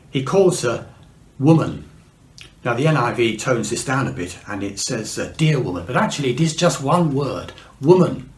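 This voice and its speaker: Man, sermon, measured pace with fillers, roomy echo. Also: medium pitch. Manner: measured, slows for emphasis, frequent fillers. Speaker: preacher. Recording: echoey room.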